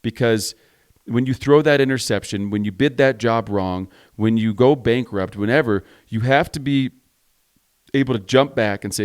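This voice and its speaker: A man's voice: mid-range voice, normal speed, clear, resonant tone. A man hosting a podcast for contractors, giving a blunt, emphatic motivational talk, stacking repeated phrases and swearing freely. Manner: drives points home with repeated parallel phrases. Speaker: podcast host and contractor coach. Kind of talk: motivational monologue.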